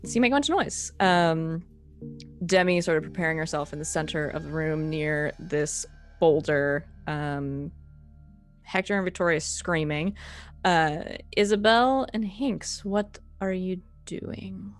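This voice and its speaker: A woman narrating as game master of a tabletop game, casual and halting with many ums. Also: low-pitched, soft background music.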